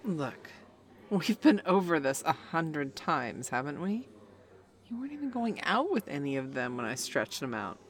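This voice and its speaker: A woman's voice: low-pitched, sing-song, moderate pace. A young woman voicing a cocky, taunting female best friend in an audio role-play, talking in a smug, playful way.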